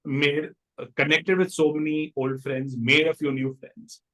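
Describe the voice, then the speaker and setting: A man with an Indian English accent, a company founder telling stories in a casual interview, lively and acting out the people he quotes. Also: a little slow. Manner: animated, acts out quoted people in a higher voice.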